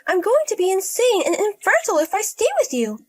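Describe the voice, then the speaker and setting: A woman voicing a bossy, spiteful pregnant young sister-in-law who yells insults in a storybook. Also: very high-pitched, big pitch swings, fairly quick. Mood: scornful. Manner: scornful, yelling insults.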